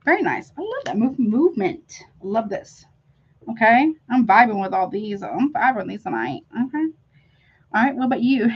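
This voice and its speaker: A woman's voice: mid-range voice, slightly rough, highs cut off. Effusive woman reading tarot live. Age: middle-aged. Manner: effusive, chatty, talks to viewers with honey and y'all. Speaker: tarot reader hosting a live stream.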